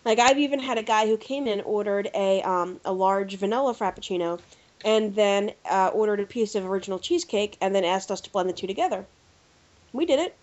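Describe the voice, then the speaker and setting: A woman from the United States hosting a podcast, telling a story in a casual, animated way with lots of fillers. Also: medium pitch, fairly quick. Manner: animated storyteller, lively filler-heavy delivery. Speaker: podcast host. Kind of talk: casual chat, anecdote telling. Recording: dull lo-fi podcast audio.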